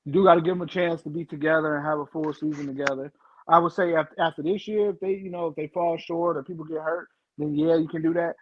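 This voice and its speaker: A man's voice: a little high, steady tone. A man on a sports podcast panel laying out his argument insistently in casual banter. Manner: fast, insistent reasoning. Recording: dull mic with faint noise.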